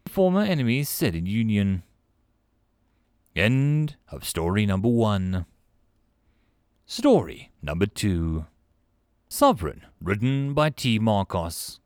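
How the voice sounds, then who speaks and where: A man narrating sci-fi short stories in an expressive, animated audiobook style. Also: on the low side, slow, long pauses, dry recording, studio quality.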